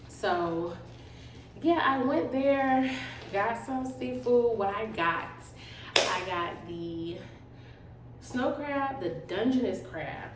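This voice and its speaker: A woman's voice: mid-range voice, darkish tone, slight background noise. A woman vlogger chatting casually to camera during a food-eating video, talking loosely with slang while she eats. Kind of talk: casual mukbang chat. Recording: roomy, mic at a distance.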